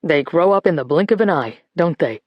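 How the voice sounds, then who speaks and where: A narrator voicing a patient, gentle man who speaks kindly to an old relative. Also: a little high, expressive, a little fast, no echo, dull audio. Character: gentle middle-aged man, a museum keeper.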